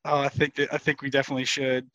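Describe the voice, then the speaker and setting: A man co-hosting a casual podcast, relaxed as he tells a story and quick to laugh. His voice is bright and clear, and the recording sounds dry and close. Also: medium pitch, dry recording, muffled recording. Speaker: podcast co-host. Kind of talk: casual chat.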